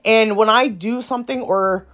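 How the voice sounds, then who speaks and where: A woman's voice: a little high, normal speed, a bit bright. Chatty, outspoken woman vlogger. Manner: chatty, rambling, slangy and outspoken. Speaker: nail artist and brand ambassador. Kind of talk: casual vlog chat to viewers.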